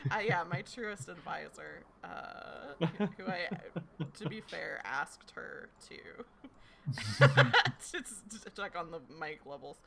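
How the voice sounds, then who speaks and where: A woman's voice: lowish voice, big pitch swings, slow, gravelly, a crowd in the background. A woman narrating as game master of a tabletop game, chatty and giggly, with many fillers, on a home microphone.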